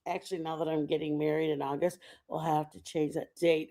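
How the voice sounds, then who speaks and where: A woman's voice: low voice, little pitch movement, a little fast, dark tone. A woman in her fifties from the United States, chatting casually and rambling to her viewers on a live stream. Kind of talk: casual chat.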